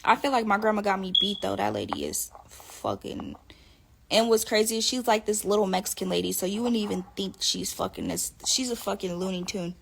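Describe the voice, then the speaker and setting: A young woman telling stories in a casual interview, animated and profane, often laughing. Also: mid-range voice, a little fast, vocal fry, slight background noise. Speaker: interview guest. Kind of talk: casual storytelling.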